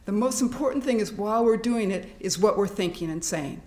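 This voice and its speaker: A middle-aged woman giving a workshop talk to a live audience, animated and laughing often as she acts out fearful thoughts. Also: medium pitch, fairly quick. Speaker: workshop speaker. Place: hospital meeting room. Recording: echoey room.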